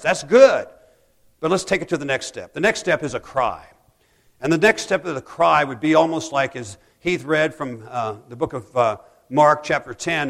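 A man preaching a sermon as a pastor, rising to loud pleading cries and dropping to hushed, soft passages. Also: a little high, gravelly, in a large hall.

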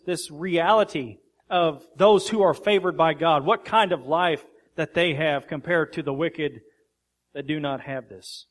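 A man preaching a sermon as pastor, reading scripture aloud and slowing down to stress each verse. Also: a little high. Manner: earnest preaching, reads scripture aloud with slow emphasis.

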